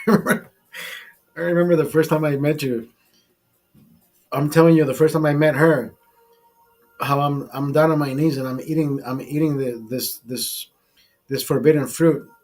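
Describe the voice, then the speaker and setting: A man's voice: fairly high pitch, fairly even intonation, measured pace, pauses often, a little mellow, faint music behind. A man hosting a casual late-night chat over beers, tipsy, crude and rambling, repeating himself and laughing often. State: tipsy from drinking. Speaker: livestream host.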